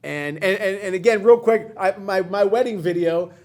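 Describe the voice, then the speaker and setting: A man with a high voice hosts a casual talk show and tells long, rambling stories about an old friend. He gets emotional and laughs easily as he goes along. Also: moderate pace, darkish tone. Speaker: podcast host. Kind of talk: casual storytelling chat.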